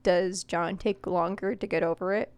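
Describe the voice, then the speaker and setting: A woman's voice: fairly low pitch, steady tone, normal speed, a little mellow, smooth, no echo. A young woman co-hosting a podcast, chatting casually with a friend in a giggly, self-deprecating way. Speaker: podcast co-host. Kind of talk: casual chat.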